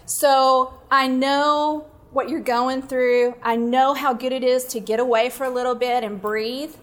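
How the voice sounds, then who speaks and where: A middle-aged woman leading a women's conference breakout, teaching from scripture through a personal story told with animated, self-mocking humor. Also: sits high, unhurried. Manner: warm, animated storytelling, laughing at herself.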